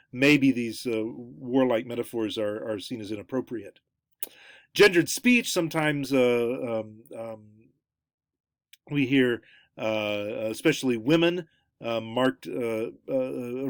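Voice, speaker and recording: A middle-aged man lectures on anthropology in a dry, close-miked sound. His delivery is halting and full of ums and false starts, and his voice lifts sharply whenever he opens a new point. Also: no room sound. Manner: halting, many fillers and restarts; lively, pitch jumps up for new points. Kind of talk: recorded lecture.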